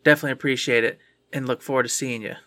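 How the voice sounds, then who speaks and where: A man's voice: medium pitch, fairly even intonation, very fast, bright, forceful tone, no echo. A man co-hosting a casual podcast, emphatic and joking, with hype-man energy. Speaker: podcast co-host.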